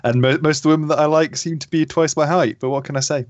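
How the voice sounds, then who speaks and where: A man's voice: a little high, fairly even intonation, quick pace, dry recording, lo-fi sound. A man playing a tabletop game in casual chat, joking and laughing with the group. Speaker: player.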